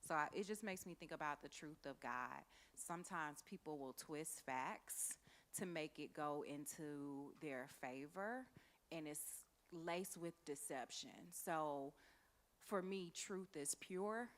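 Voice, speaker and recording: A woman taking part in a Bible study, speaking thoughtfully and pausing to search for words. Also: low-pitched. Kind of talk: casual discussion.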